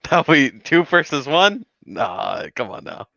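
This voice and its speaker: A laid-back man co-hosts a casual live stream, quick to laugh. His voice is bright and lively, rising and falling a lot. The audio is dry and a little muffled. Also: on the high side, creaky, no room sound. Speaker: co-host and debate partner.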